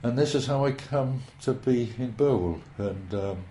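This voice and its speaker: A man's voice: medium pitch, normal speed, warm tone, a little hiss or hum. A man, reminiscing at length in a rambling, hesitant, folksy way. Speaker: interviewee. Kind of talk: oral history reminiscence. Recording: roomy echo.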